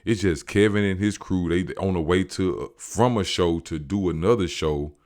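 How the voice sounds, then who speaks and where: Low voiced guy recapping a show, real animated. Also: normal speed. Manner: animated, slangy, acts out quotes. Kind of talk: casual storytelling recap.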